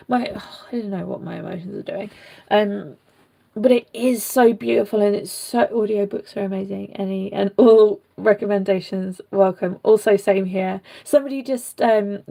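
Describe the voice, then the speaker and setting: A woman's voice: medium pitch, vocal fry, warm tone. A young British woman vlogger chatting casually and rambling, with many fillers and asides, while rerooting a doll. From Britain.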